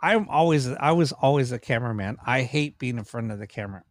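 Talking fast in a mid-range voice, a man tells stories in a casual podcast interview, animated and rambling, restarting often. He's a paranormal investigator and cameraman, and the recording is dry.

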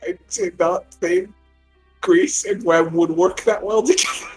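A man playing a tabletop game, joking excitedly and tripping over his words. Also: sits high, a little slow, soft background music, low-quality recording. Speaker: player. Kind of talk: casual tabletop banter.

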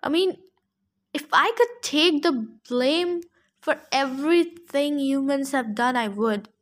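A woman's voice: sits high, slow pace. A woman reading a novel aloud who stops to add heartfelt, emotional comments of her own. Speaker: reader.

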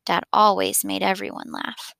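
Woman, school read-aloud, encouraging, very gravelly voice, dry close mic. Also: medium pitch, level tone, normal speed, no room sound. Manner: warm, encouraging. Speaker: school staff member reading to students. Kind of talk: reading a children's novel aloud.

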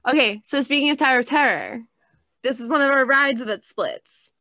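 A young woman co-hosting a casual chat, telling stories in an animated way with lots of "like.". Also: sits high, moderate pace, dry recording. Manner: animated storytelling with many "like"s. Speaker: co-host.

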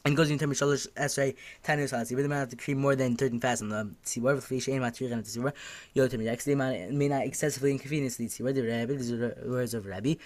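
Male Talmud teacher, middle pitch, fast and halting: reads a phrase, translates, backtracks, moves on. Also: steady tone. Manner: reads Aramaic then translates, with fillers and self-corrections. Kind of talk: daf yomi Talmud class.

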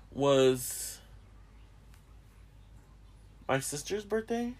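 A man's voice: medium pitch, a little slow, pauses often. A young man hosting a podcast in casual chat, rambling and swearing a lot and often laughing. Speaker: podcast host.

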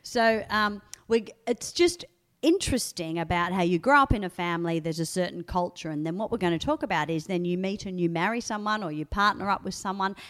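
A woman's voice: fairly low pitch, a little fast, fairly bright tone. A woman co-hosting a family podcast, talking in a sing-song way in casual chat. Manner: sing-song, hums and sings a lot. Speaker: podcast co-host.

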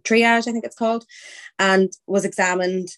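A woman's voice: medium pitch, steady tone, normal speed, a bit bright. A woman, a podcast guest candidly telling her story in casual, chatty conversation. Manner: candid, chatty, quotes her own thoughts aloud.

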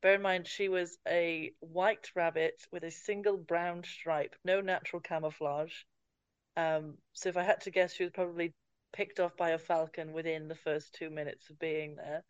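A woman's voice: fairly low pitch, little pitch movement, moderate pace, clean tone, no room sound. A woman co-hosting a podcast in casual chat, with dry wit and frequent laughs. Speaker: podcast co-host. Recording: dull, very dry sound.

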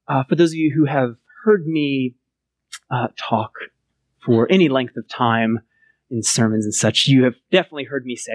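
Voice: medium pitch, dry recording. A pastor from Texas preaching a sermon in a chatty, conversational way, often checking in with the listeners by asking "right?". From Texas, USA.

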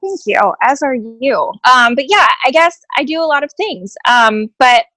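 A woman's voice: high-pitched, expressive, normal speed, bright, forceful tone, no echo. A cheerful young woman from Florida, a guest talking about herself on a podcast. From Tampa, Florida. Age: young adult. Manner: cheerful, laughs easily. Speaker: podcast guest, nurse practitioner. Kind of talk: podcast interview.

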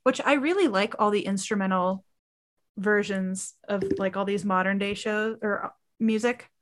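A woman co-hosting a casual watch-along chat, reacting to a show with gushing, excitable remarks. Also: medium pitch, normal speed.

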